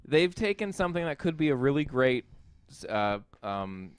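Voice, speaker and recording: A man hosts a casual film review chat, swearing freely and acting out scenes as he goes. His voice is smooth and clear. The recording is close and dry. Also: mid-range voice, normal speed, no echo. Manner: animated, profane, acts out quotes. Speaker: podcast host, film reviewer.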